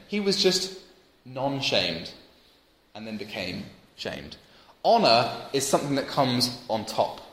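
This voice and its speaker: A young man preaches a sermon in a mid-range voice at a measured pace, telling stories animatedly and building to emphatic peaks. It's recorded in a roomy church hall with long reverb.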